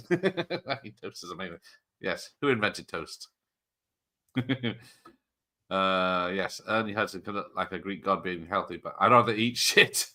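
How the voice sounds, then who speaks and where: Jokey host, slightly low voice with a bright edge, rambles happily through live commentary. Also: male voice, lively intonation, measured pace, long pauses. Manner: chatty, joking, rambling tangents. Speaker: watch party host. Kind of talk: casual live-stream commentary.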